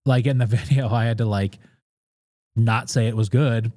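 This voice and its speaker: A man's voice: medium pitch, fairly even intonation, moderate pace, dark tone. A man who is a guest on a podcast, bluntly telling food stories in casual, profanity-laced talk. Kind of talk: casual interview storytelling.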